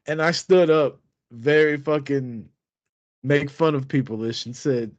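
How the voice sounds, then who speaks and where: A man's voice: a little high, slow, dry recording, highs cut off. Laughing, profane storytelling man. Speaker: podcast co-host. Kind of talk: casual storytelling chat.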